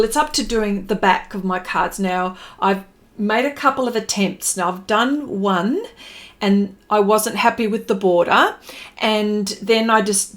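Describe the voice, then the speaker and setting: A woman's voice: on the high side, fairly bright tone. An Australian woman hosting her art livestream, chatting casually and greeting viewers by name. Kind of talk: casual live-stream chat. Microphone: desk microphone.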